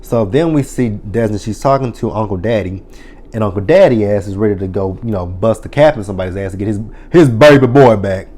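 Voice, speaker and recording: A man giving a casual, chatty recap of a TV episode, swearing freely and filling pauses with "um" and "you know". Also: fairly low pitch, dark tone. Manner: profane, chatty retelling with many fillers. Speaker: TV episode reviewer.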